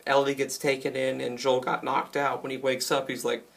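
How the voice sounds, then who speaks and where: A young man casually reviewing a video game, retelling scenes in an excited, rambling way with lots of likes and ums. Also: medium pitch, moderate pace, gravelly.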